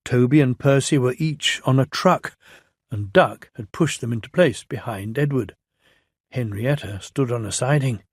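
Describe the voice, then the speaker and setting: A man with a British accent reading a children's storybook aloud in a gentle, measured way. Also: mid-range voice, breathy edge, no room sound, clean studio sound.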